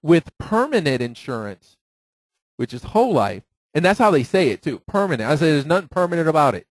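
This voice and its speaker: A man's voice: fairly high pitch, fairly quick, dry recording, rough recording. Man teaching with rhetorical questions. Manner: lively, acts out phone calls in quoted voices; rhetorical questions with repeated "right?". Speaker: financial seminar speaker. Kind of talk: teaching to a live audience.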